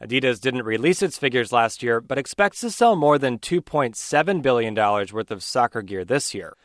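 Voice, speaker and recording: A man's voice: medium pitch, animated, normal speed, no echo, clean studio sound. Male radio news reporter.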